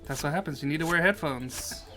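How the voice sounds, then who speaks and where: A man's voice: on the high side, fairly quick, sharp tone, faint music behind. A man streaming a game, chatting casually and goofily while reading chat questions aloud and answering them. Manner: goofy and jokey, reads chat aloud and answers it. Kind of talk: casual live-stream commentary while playing.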